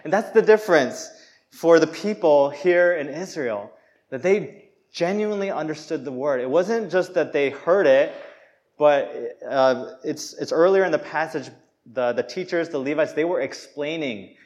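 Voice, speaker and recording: A man's voice: a little high, lively intonation, unhurried, a little mellow. A young adult man preaching a sermon in a casual, conversational way, with fillers and restarts, acting out quoted voices. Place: Hong Kong.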